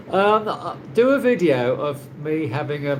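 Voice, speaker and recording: A man's voice: a little high, slight background noise. A man from England, hosting a rambling casual live chat with viewers from his condo, laughing often. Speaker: livestream host. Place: condo in the Philippines.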